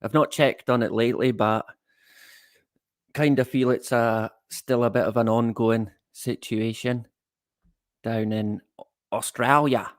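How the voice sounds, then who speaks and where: Slow, easygoing man chatting on stream. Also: mid-range voice, steady tone, no room sound, studio quality. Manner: rambling and chatty, greets viewers, chuckles at his own jokes. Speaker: livestream host. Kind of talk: casual livestream chat.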